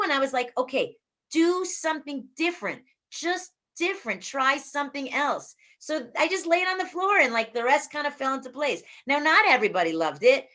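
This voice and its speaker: A woman's voice: sits high, a bit bright. A woman in her forties hosting an online group workshop over a video call, upbeat, playful and encouraging.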